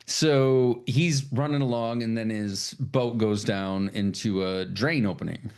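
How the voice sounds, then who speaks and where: A man hosting a casual podcast chat, animated and swearing freely, acting out lines in high put-on voices. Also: measured pace, clean tone. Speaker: podcast host.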